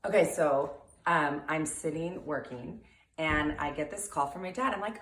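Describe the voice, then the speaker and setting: A woman tells her father a lively family story for his birthday. She acts out the quotes with rising excitement. Her voice sits a little low, and the room gives it a clear echo. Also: moderate pace, slight background noise. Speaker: daughter giving a birthday message.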